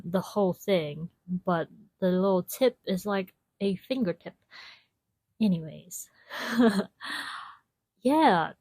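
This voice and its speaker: A woman's voice: medium pitch, a little mellow, no room sound. A young adult woman hosting a casual solo podcast at home, chatty and often laughing, calling her listeners y'all into a small clip-on mic. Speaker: podcast host.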